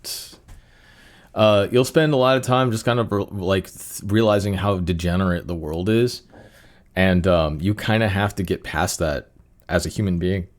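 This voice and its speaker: A man's voice: low voice, moderate pace. A young man hosting a solo podcast, rambling casually with many fillers and restarts. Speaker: podcast host.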